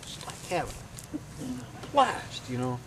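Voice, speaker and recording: A man telling a long joke at a campout, rambling and animated, with lots of "you know". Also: medium pitch, measured pace. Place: outdoors at a campsite. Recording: noisy outdoor camcorder audio.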